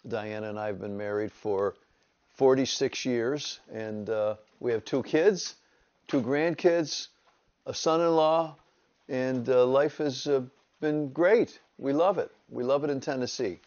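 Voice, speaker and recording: A man's voice: medium pitch, unhurried, dull audio. A man, a pastor telling his personal testimony in a storytelling way. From upstate New York. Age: 70s. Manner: storytelling, lively retelling with quoted voices.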